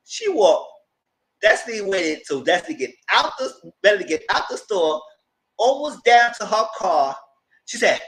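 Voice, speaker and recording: A man's voice: high voice, moderate pace, rough recording. A man hosting a live TV review show, recapping episodes in a slangy, gossipy way. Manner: animated, slangy, gossipy retelling. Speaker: TV review host.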